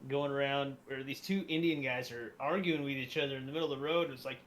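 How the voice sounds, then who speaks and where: A man in casual chat, animated and fond of imitating people for laughs. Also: medium pitch, quick pace, a little hiss or hum.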